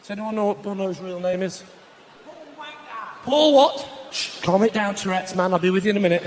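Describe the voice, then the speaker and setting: A man doing live stand-up comedy in a large venue, bantering with the crowd, mocking, and breaking into bursts of shouting. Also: sits high, normal speed, long pauses, heavy background noise. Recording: live show with loud audience laughter.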